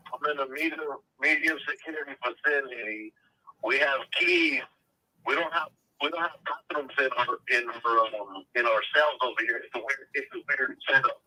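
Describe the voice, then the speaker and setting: A man calling in by phone to a casual chat, laid-back and halting as he repeats his words. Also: mid-range voice, sharp tone, low-quality recording. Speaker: caller. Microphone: phone call.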